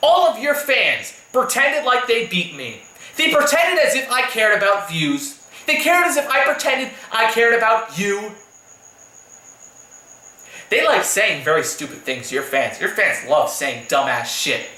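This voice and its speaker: A man's voice: high-pitched, sing-song, measured pace, pushed and bright, reverberant, low-quality recording. A man delivering a heated, profanity-laced rant as a YouTube commentator, repeating himself for emphasis. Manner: heated, profane, repetitive ranting. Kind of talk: angry rant vlog.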